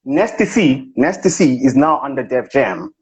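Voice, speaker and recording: In a live chat, a man does a comic impression of a boastful motivational speaker, putting on a posh accent and bragging grandly with smug self-importance. His medium-pitched voice is very animated, breathy and exaggerated at a moderate pace, and the livestream audio is dull and lo-fi.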